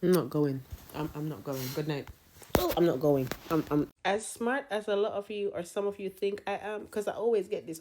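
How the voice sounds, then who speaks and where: A woman's voice: mid-range voice, animated, moderate pace, a little mellow. A young woman doing comedic rants and mock courtroom sentencings with an exasperated, sarcastic delivery. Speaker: comedy content creator.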